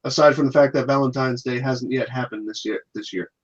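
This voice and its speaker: A man's voice: medium pitch, fairly even intonation, a little fast. A man runs a loose online game with friends, teasing them and calling the rules. His voice comes through a dull, lo-fi voice chat. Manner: teasing, laughing, bossy referee. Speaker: host running a debunking game. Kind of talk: casual profane group chat.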